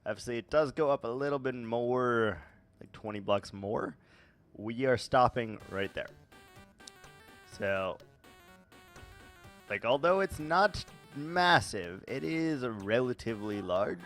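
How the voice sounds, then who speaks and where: A man's voice: medium pitch, expressive, slow, pauses often, a bit bright, soft background music. A man doing unedited commentary over his Minecraft gameplay, thinking aloud with many fillers. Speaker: Minecraft let's-play host.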